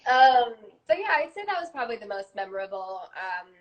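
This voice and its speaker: A woman actress chatting casually on a live stream, laughing often and filling pauses with ums and likes. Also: fairly high pitch, big pitch swings, muffled recording. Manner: giggly, many ums and likes.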